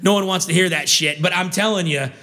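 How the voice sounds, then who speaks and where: A vlogger man on an angry, foul-mouthed rant. His voice sits high and sounds bright and sharp. He keeps tripping over his words as he restarts his sentences in frustration. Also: quick pace. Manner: heated, swearing constantly, stumbling restarts.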